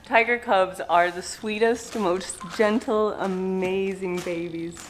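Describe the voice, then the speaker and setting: A woman's voice: mid-range voice, steady tone, slow pace, faint music behind. A woman hosting a casual vlog at an animal park, chatting bubbly to the camera and cooing and squealing at baby animals.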